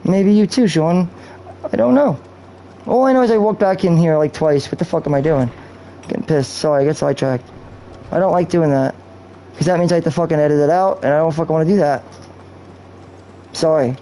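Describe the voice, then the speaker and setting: A man's voice: on the high side, brisk, pauses often, dark tone, rough recording. A man live-streaming a video game, talking in a rambling, profane, off-topic way into a cheap microphone. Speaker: gaming streamer. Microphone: cheap streaming mic.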